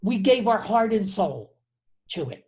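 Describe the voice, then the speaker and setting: A man in his seventies hosting a conversation, telling a personal story in an earnest, reflective way that often drops low on key phrases. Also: sing-song, a little slow, a little mellow. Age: 70s. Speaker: host.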